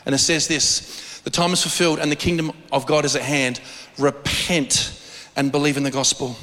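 A middle-aged man from Australia with an Australian accent, preaching an animated sermon and often repeating words. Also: moderate pace. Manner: animated preaching, repeats words, rises high when excited. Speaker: pastor. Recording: long hall reverb.

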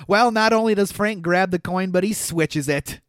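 A man's voice: sits high, normal speed, fairly bright tone, smooth, no room sound, studio quality. A man casually recapping a film on a podcast, joking, laughing often and stumbling over names. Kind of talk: casual chat.

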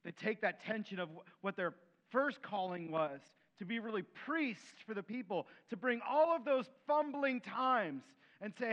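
A man preaching a sermon in an animated way, acting out quoted voices and dropping to soft, gentle tones. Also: sits high, unhurried, few pauses, dull audio. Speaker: pastor.

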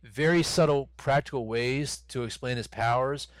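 A man's voice: mid-range voice, moderate pace, no room sound. A man in his thirties co-hosting a podcast, rambling and swearing in casual chat with lots of fillers. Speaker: podcast co-host.

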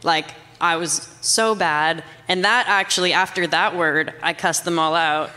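A woman's voice: lowish voice, fairly even intonation, unhurried, sharp tone, big-room sound. A young Canadian woman telling her story in a casual, rambling way, filling her speech with "like". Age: young adult. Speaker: guest. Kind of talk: casual testimony chat.

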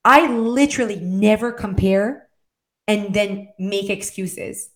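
A woman's voice: medium pitch, slow, fairly bright tone. Earnest woman coaching with direct check-ins. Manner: heartfelt and rambling, with restarts. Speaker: motivational speaker on weight and wellness. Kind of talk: earnest motivational monologue.

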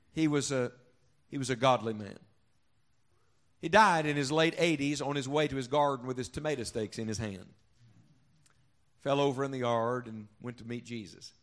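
Standing before his congregation in the church sanctuary, a male pastor preaches, alternating booming emphasis with hushed, low-voiced reflection. Rhetorical questions and call-and-response carry much of his sermon.

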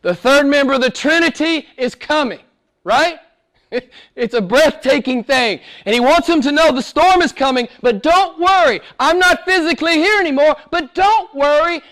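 A male pastor preaching a sermon, swinging between loud exhortation and hushed whispers, with laughs between points. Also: very high-pitched, expressive, moderate pace.

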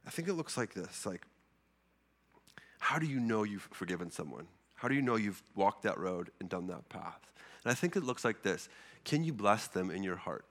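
A man's voice: lowish voice, sing-song, normal speed, a bit bright. Man preaching a conversational sermon. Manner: conversational, repeats words and restarts, earnest. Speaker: pastor.

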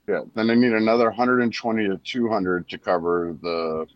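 A man's voice: lowish voice, a little fast, no room sound, dull audio. A man co-hosting a podcast, arguing points and telling stories in casual chat. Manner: argumentative, animated storyteller. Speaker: podcast co-host.

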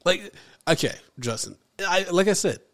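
A man's voice: high voice, expressive, normal speed, gravelly, fairly bright tone. A man co-hosting a casual podcast chat, ranting in disbelief and swearing freely. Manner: incredulous, ranting, swears a lot. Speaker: podcast co-host.

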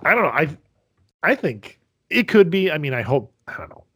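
A middle-aged man in casual chat, animated and acting out quotes in voices. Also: a little high, normal speed, husky, dry recording, studio quality.

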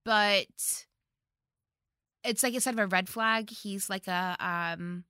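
A woman's voice: medium pitch, takes it slowly, bright, forceful tone, smooth, no echo, studio quality. A woman co-hosting a podcast, casually recapping a movie, giggly and gushing with frequent swearing. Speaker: podcast co-host.

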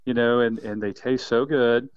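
A man in his fifties, a quail biologist, telling animated stories in a casual interview with plenty of laughs. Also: mid-range voice, normal speed, smooth, dry recording, muffled recording. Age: 50s. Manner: enthusiastic, animated storyteller who laughs often.

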